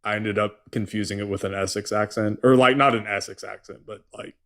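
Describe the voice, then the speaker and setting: Man, host, rambling storyteller, lots of fillers, lowish voice. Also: fairly even intonation, brisk, a bit bright. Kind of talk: casual chat on a live stream.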